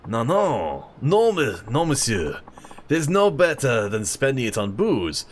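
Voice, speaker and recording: A man's voice: mid-range voice, very animated, unhurried, slight background noise, pitched above the performer's own voice. A man voicing an older male street brawler mentor with a put-on French accent, talking in a grandiose, lecturing way.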